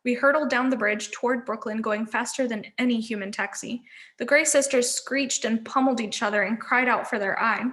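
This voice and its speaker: A woman with a fairly high voice reads a novel aloud as a teacher. She tells the story expressively and shifts into voices for the characters. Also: steady tone, brisk, fairly bright tone.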